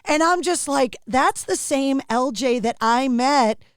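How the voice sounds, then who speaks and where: A woman's voice: high-pitched, slow, no room sound. A middle-aged woman hosting a podcast interview from her radio studio, chatty and sentimental. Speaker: podcast host.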